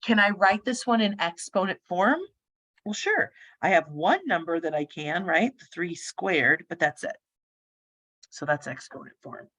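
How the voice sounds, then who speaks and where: A woman math instructor working problems aloud in a casual, sleepy lecture, thinking out loud as she goes. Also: lowish voice, lively intonation, measured pace. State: sleepy, yawning.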